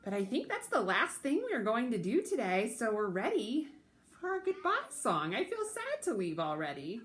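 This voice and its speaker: Gentle sing-song storytime woman. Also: fairly high pitch, huge pitch swings, moderate pace. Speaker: children's storytime host. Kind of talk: leading a children's sing-along. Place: at home. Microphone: recording alone to camera.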